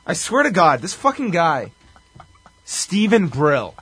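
A husky-voiced man chatting casually on a podcast. He recaps a movie plot wryly and with plenty of swearing, laughing at his own jokes. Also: on the high side, big pitch swings, slow pace, pushed and bright, no echo. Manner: wry, profane, laughs while recapping. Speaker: podcast co-host.

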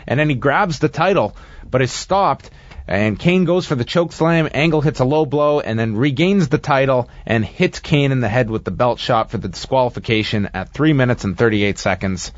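A man in a casual podcast chat rattles off match recaps in an even, mid-pitched voice, dropping dry, sardonic jokes between moves. The recording is close and dead, with no room sound, and slightly dull and lo-fi. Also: moderate pace, no echo. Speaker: podcast co-host reviewing wrestling.

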